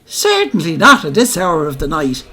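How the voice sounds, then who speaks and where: A man doing a sly coaxing widow, gutsy, wheedling, lively pitch. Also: normal speed, exaggerated voice. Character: coaxing, sly Dublin widow, middle-aged.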